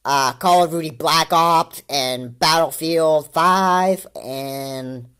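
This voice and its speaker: A woman's voice: low voice, takes it slowly, a bit bright, clear, resonant tone. A woman giving casual commentary over video clips, rambling and repeating her points with many fillers.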